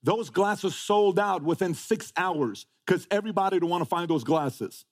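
A motivational speaker with a high-pitched voice addresses a live audience at normal speed. He is emphatic, repeating phrases and firing off rhetorical questions.

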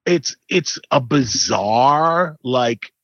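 A man co-hosting a casual movie review chat, measured and thinking aloud with fillers. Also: mid-range voice, lively intonation, fairly bright tone, dry recording, dull audio. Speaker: film critic co-host.

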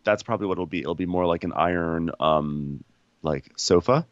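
Brief: wry male co-host, low voice, lively delivery, dull lo-fi sound. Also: normal speed. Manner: wry, riffing, chatty. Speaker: podcast co-host. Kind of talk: casual comedic recap.

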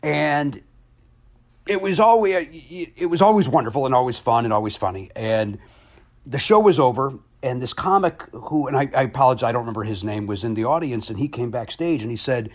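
A comedian and game show host telling a story in casual conversation, animated and self-deprecating. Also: male voice, mid-range voice, a little fast.

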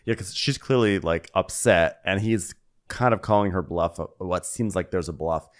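A man's voice: sits low, normal speed. A man co-hosting a comedy podcast, recapping a reality show with dry, rambling jokes. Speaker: podcast co-host.

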